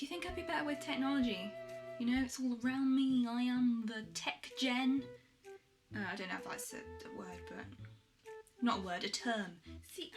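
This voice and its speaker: A woman vlogging a poetry challenge, chatting in a self-deprecating way and reading her poems aloud slowly and softly. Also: a little high. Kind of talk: casual chat and poetry reading.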